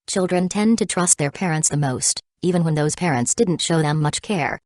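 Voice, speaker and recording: A woman narrates an audiobook in a steady, even reading. Her voice is low and dry, close to the mic with no room sound. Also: normal speed, no echo. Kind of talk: scripted narration.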